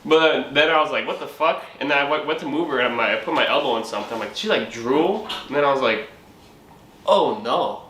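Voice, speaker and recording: A young man with a bright, forceful voice tells a comic story in a loose, profane way, acting out what he said back then. The room is echoey, with a faint hum of ambience behind him. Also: medium pitch, lively intonation, brisk. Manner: profane, laughing, acts out his own quotes. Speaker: channel host.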